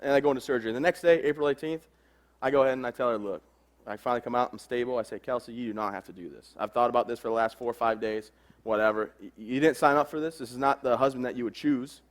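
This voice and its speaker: Guy in his 20s doing a funny motivational talk, rattles along quick, acts out what everyone said. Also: medium pitch. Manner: joking storyteller, acts out quoted dialogue. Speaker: motivational speaker. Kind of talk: humorous motivational speech.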